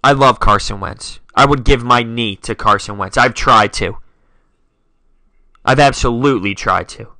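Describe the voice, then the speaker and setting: A man's voice: medium pitch, moderate pace, pushed and bright, no room sound. A young man hosting a solo sports talk podcast, dramatic and self-mocking as he rattles off scores. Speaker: podcast host.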